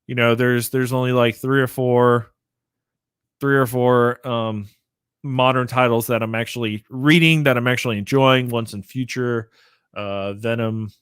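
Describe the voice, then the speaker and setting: A man's voice: mid-range voice, fairly bright tone, clean tone, no echo, studio quality. A sleepy man chatting casually on his own live stream about comics, rambling with lots of fillers. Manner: rambling, filler-heavy, laid-back. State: sleepy, yawning. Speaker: comic book vlogger.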